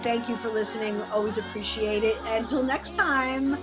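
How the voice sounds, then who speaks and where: A woman with a New York accent hosts an interview, chatting in a lively, friendly way, her voice a bit high. She talks over a video call, and music plays clearly behind her. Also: moderate pace. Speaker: interview host. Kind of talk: casual interview chat.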